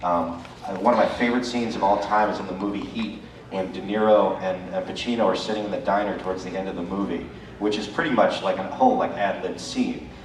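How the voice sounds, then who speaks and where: Male voice actor from Brooklyn, panel Q&A, animated explainer, echoey distant hall sound with light hiss. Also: sits low, a little fast. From Brooklyn, New York. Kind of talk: convention panel talk. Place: large convention panel room. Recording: echoey hall, distant mic, faint noise.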